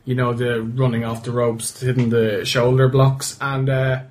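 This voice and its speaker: A man co-hosting a casual wrestling review podcast, trading quick dry jokes. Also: medium pitch, flat delivery, darkish tone. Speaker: podcast co-host.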